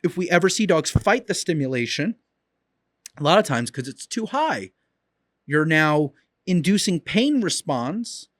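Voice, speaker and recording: A man's voice: on the high side, very animated, unhurried, fairly bright tone, no room sound. Emphatic male dog trainer, dry sound. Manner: emphatic, repeats key points. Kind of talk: instructional video.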